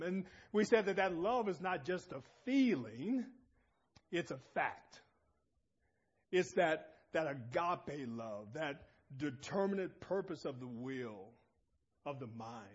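A man's voice: a little high, a little mellow, slightly rough, muffled recording. A man preaching a sermon, emphatic and calling out questions to the congregation in a church assembly.

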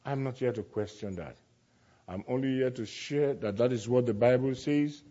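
A man preaching a sermon emphatically, slowing to stress key words and dropping to quiet asides, in a dull lo-fi recording. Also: mid-range voice. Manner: emphatic, swings from loud declaiming to quiet asides.

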